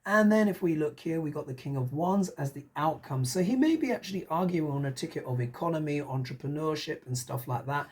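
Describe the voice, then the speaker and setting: Husky breathy tarot reader, musing out loud, chatty, keeps going "yeah?". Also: mid-range voice, animated, a little fast, few pauses. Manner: musing, chatty, asks rhetorical questions. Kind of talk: casual tarot reading commentary.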